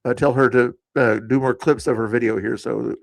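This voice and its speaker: A man's voice: mid-range voice, fairly even intonation, moderate pace, vocal fry, no room sound. A man hosting a livestream, chatting casually about politics and commenting on clips he is rewatching. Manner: conversational, laughs and comments while rewatching clips. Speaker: stream host.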